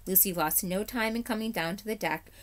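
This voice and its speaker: A woman's voice: medium pitch, brisk. A woman teacher reading a chapter book aloud to her class, telling it expressively with the odd slip. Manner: expressive storytelling, occasional slips. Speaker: third grade teacher.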